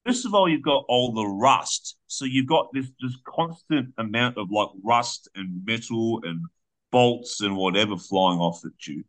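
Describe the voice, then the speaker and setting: A man with a bright, forceful voice retells a story on a podcast. He rambles casually, restarting phrases and dropping the odd curse as he goes. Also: medium pitch, a little slow. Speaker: podcast co-host.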